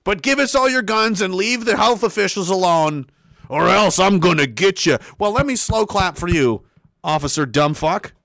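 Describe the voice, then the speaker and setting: A man's voice: high voice, lively intonation, normal speed, a bit bright, dry recording. A man ranting angrily on a livestream, sarcastic and indignant, swearing freely and answering his chat. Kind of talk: angry livestream rant.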